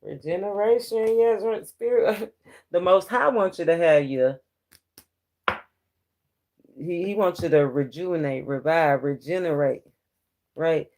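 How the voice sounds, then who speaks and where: A man's voice: on the high side, measured pace, pauses often, darkish tone. A man giving a casual spiritual tarot reading, talking straight to his viewers in a preachy way and laughing often between points. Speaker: tarot reader.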